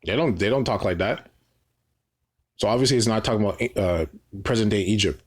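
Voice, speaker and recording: A man's voice: mid-range voice, expressive, a little fast. A man reading Bible verses aloud and explaining them informally, often adding "right?" and restarting his phrases. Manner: repeats "right?" as a tag, frequent restarts. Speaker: Bible teacher. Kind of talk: informal scripture teaching.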